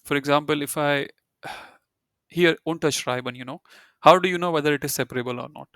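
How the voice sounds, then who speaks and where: A man's voice: on the high side, brisk, fairly bright tone, no echo, clean studio sound. A man teaching a German grammar lecture in a conversational way, with many fillers and restarts, reading out example sentences. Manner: conversational, frequent "you know" fillers and restarts.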